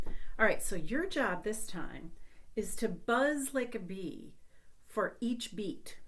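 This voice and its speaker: A woman's voice: mid-range voice, animated. Patient sing-song woman teaching kids music. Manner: slow, patient, sing-song delivery for young children. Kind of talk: children's music lesson.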